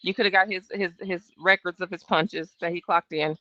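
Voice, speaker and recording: A woman's voice: lowish voice, fairly even intonation, brisk, bright, forceful tone, no room sound. A woman in her thirties hosting a live trial-watch stream, giving blunt, sassy, profane casual commentary. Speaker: livestream trial-watch host. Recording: dull, dry home stream audio.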